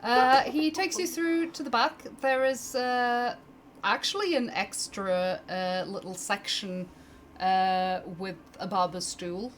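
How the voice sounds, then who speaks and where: A woman running a tabletop game, describing the scene slowly and unhurriedly with lots of pauses and fillers. Her voice sits at a middle pitch with a faint hiss behind it. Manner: relaxed, hesitant, with fillers. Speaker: game master.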